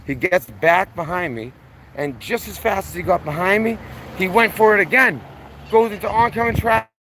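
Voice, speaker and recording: Outdoors on a noisy street, a Massachusetts man vlogs an angry, rambling story at normal speed, his voice sitting high. He swears freely and gets louder whenever he's worked up.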